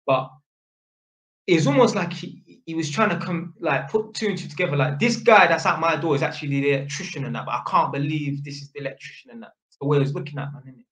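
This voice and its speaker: A man's voice: fairly high pitch, fast, a bit bright. A man telling a story in casual, sweary street slang, an electrician chatting to camera. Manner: slangy and sweary, full of innit and fam. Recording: echoey room.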